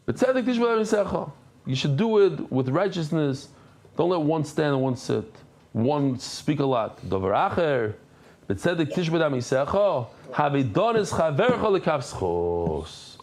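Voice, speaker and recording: A man teaching a daily Talmud class, reading the Aramaic text and explaining it in English, switching to softer storytelling. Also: on the high side.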